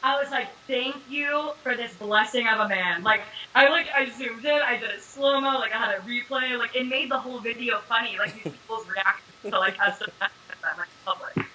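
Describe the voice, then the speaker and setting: Bright-voiced chatty young woman. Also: on the high side, normal speed, a little hiss or hum, poor audio. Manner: chatty, animated storyteller, many fillers. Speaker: actress being interviewed. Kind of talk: casual interview chat.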